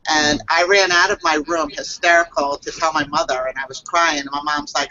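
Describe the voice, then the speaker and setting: A psychic reader shares a personal story over a video call, speaking haltingly and earnestly with lots of fillers and restarts. Her voice sits low with a steady, sharp tone, and the sound is lo-fi.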